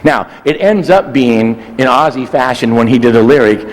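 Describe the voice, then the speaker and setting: A man's voice: mid-range voice, expressive, moderate pace, big-room sound, low-quality recording. A man in his sixties telling a long, rambling anecdote, acting out voices and sounds as he digresses. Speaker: guest storyteller.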